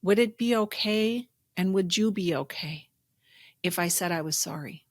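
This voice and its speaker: A woman voicing a gentle man who calmly offers an apology to an angry stranger. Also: on the low side, normal speed, dry recording, studio quality, natural voice. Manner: soft, conciliatory.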